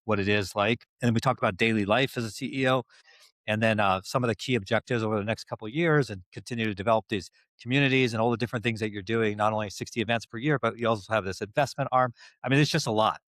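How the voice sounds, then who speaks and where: Fast-talking low-voiced male host. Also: fairly bright tone, no room sound, clean studio sound. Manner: quick, rambling questions with restarts. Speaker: podcast host. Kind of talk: casual podcast interview.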